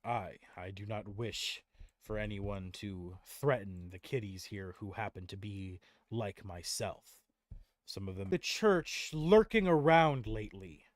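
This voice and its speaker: A man voicing a huge, gruff male guardian who speaks slowly and formally in a tabletop game. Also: on the low side, dry recording, studio quality, pitched below the performer's own voice, natural voice. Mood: grave. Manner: slow, measured, formal.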